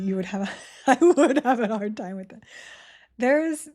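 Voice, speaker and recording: A woman's voice: a little high, expressive, normal speed, pauses often, warm tone. A young adult woman streaming a game live, chatting casually, giggling and reading chat aloud.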